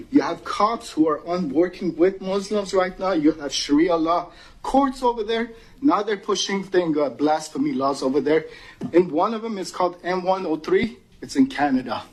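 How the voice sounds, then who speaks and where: A man's voice: high-pitched, breathy edge, poor audio. A man from Iran giving impassioned public testimony at a meeting podium, urgent and pleading. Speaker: public commenter.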